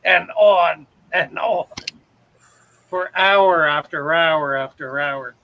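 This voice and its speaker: A livestream host speaks slowly in a voice on the high side with little pitch movement, and the audio has its highs cut off. He chats casually, reads viewer comments, greets people by name, and rambles with jokes about himself.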